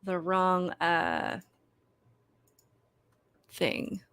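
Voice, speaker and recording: A woman's voice: on the low side, steady tone, drawn-out words, fairly bright tone, clean tone, dry recording. A woman hosting a political commentary show, talking straight to viewers in an emphatic, critical way. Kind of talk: opinionated commentary to camera.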